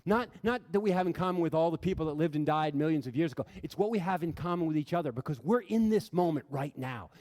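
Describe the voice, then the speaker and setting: Man, public talk, earnest storyteller, emphatic rises and quiet drops, fairly high voice, echoing hall. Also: lively intonation, fast, few pauses. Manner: earnest, builds to raised emphatic bursts then drops quiet. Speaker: speaker addressing an audience. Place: large room with a live audience. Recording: reverberant hall sound.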